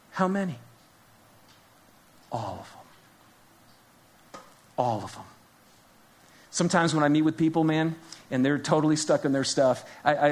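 A man preaching a sermon to a church congregation, talking casually and directly to the crowd, dropping to hushed whispers and rising to loud urgent emphasis. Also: fairly high pitch. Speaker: pastor.

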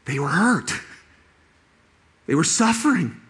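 A middle-aged male pastor giving a sermon, telling a personal story with lively restarts and laughter. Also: on the high side, slow.

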